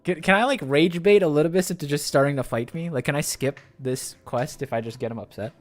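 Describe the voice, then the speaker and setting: A man streaming a game live, chatting excitably and rambling with restarts, his voice jumping up on exclamations. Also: fast talker. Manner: excitable, jumps up in pitch on exclamations. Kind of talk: live gameplay commentary.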